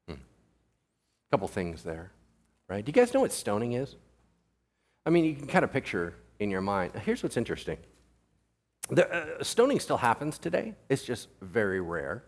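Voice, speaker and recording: This man's mid-range voice swings hugely in pitch as he preaches in a conversational style. He peppers the congregation with rapid questions and blends joking asides into serious instruction.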